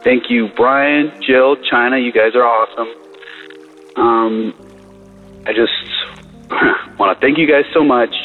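A first-time male caller speaks in an earnest, halting way, pausing often as he thanks the hosts. His voice sounds thin and tinny, like it is coming over a phone. Soft music plays in the background. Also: mid-range voice. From Southern California. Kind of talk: recorded voicemail to a podcast.

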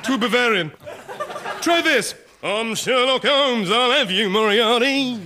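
A man's voice: very high-pitched, expressive, moderate pace, background noise. A man playing a shifty, greedy Victorian male detective in a comedy sketch.

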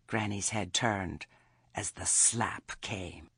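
A man narrating an audiobook in a measured, expressive storytelling manner. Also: on the low side, creaky, husky, no echo, clean studio sound. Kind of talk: scripted narration.

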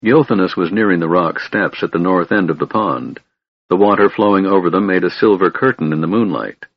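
A man narrating a fantasy novel in a measured, steady way. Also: deep voice, slightly rough, no echo, muffled recording. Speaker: audiobook narrator.

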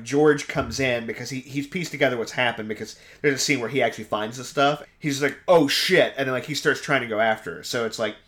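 Podcast co-host, male, loose rambling recap, mid-pitched, acts out quotes. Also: fairly bright tone. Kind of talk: casual movie recap.

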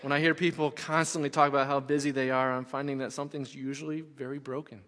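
A man's voice: medium pitch, little pitch movement, quick pace, fairly bright tone. A middle-aged man, a pastor, preaching a sermon in a conversational way, repeating key phrases for emphasis. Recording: long hall reverb.

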